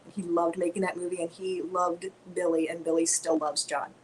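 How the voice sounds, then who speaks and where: A woman guest on a video-call Q&A, chatting in a lively, rambling way. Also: lowish voice, brisk, slight background noise, poor audio. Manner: chatty, animated, tangents.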